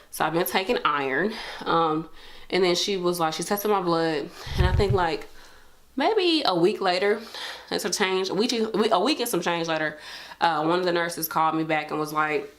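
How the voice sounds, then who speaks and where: A young woman, sassily telling stories in a casual pregnancy vlog. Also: lowish voice. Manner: sassy, animated storytelling with lots of "like". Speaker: vlogger.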